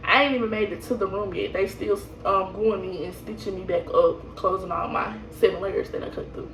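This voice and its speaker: A woman's voice: mid-range voice, steady tone, a little fast, noisy background. A young woman telling her birth story casually, rambling and laughing, with lots of fillers and restarts. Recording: echoey room, voice from a distance.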